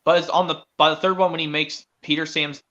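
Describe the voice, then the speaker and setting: Bright-voiced young man chatting. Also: a little high, little pitch movement, brisk. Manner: rambling, restarts, hesitant questions. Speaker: stream host. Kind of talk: casual chat. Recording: dull lo-fi stream audio.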